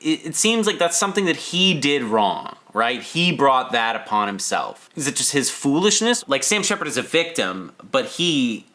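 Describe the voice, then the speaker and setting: A man co-hosting a podcast, chatting casually about a film in an animated way and drawing on his own acting experience. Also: medium pitch, moderate pace, few pauses. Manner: animated, chatty, slips into playful put-on voices. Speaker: podcast co-host.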